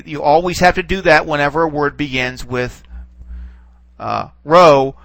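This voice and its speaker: Bright-voiced male teacher, very dry sound. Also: fairly high pitch, no room sound, poor audio. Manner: explains step by step, often checks in with "okay?" and "all right?"; trails off and repeats words while typing on screen. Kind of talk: recorded screen lesson.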